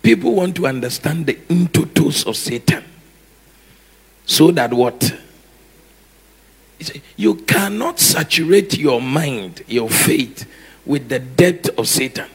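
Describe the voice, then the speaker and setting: A man preaching a sermon, animated, acting out scenes with shouts and laughter. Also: a little high, slow, long pauses, breathy edge. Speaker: pastor.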